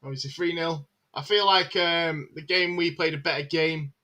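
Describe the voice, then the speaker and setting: A man's voice: on the high side, fairly even intonation, normal speed, pushed and bright. A man hosting a live match watchalong stream, chatting casually, calling the play and answering viewer comments with frequent filler words.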